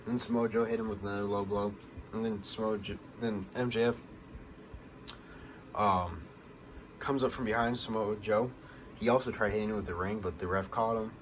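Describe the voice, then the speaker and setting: A low-voiced man recaps a wrestling show for his vlog in a loose, rambling way, full of "like" and "um." He gets more worked up as the action heats up. Clear background noise runs under the whole recording. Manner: rambling, many fillers, gets excited at big moments. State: hiccups.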